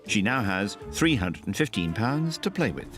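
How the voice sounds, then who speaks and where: A man's voice: lowish voice, big pitch swings, normal speed. A man giving scripted TV narration in a playful, punning style. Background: music.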